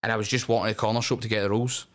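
A middle-aged Scottish man with a slightly low voice, chatting on a podcast. He tells animated stories, swears freely and often breaks into laughter. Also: very fast. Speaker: wrestling promotion owner, guest. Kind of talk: casual podcast chat.

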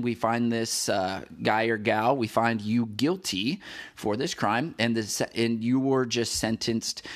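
A man hosting a devotional podcast, talking casually to the listener in a rambling way, with many fillers and restarts. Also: lowish voice. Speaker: podcast host.

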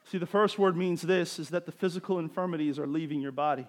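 A man preaching a sermon, building to emphatic bursts and dropping to quieter explanation. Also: fairly high pitch, quick pace. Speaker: pastor.

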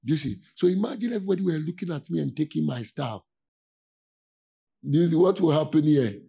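A man's voice: fairly high pitch, expressive, gravelly, mellow, breathy edge. A man, a pastor, giving a conversational sermon in an informal way, often stopping to ask his listeners whether they follow. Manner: informal, asks "do you see?" often, with laughs and pauses.

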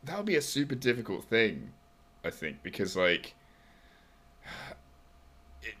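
Deep, lively man with sore throat. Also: unhurried. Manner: laughs easily, tells stories. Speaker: podcast host. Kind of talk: casual podcast chat.

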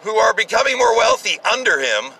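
A man's voice: sits high, sing-song, fairly quick, sharp tone, husky, rough recording. A man giving casual, sarcastic political commentary, ranting with profanity and exasperation.

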